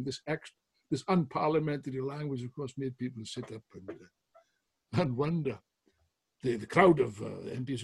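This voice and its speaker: A man giving a history talk as a storyteller, animated, with frequent restarts and chuckles. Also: fairly high pitch, creaky, breathy edge. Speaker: podcast speaker on history.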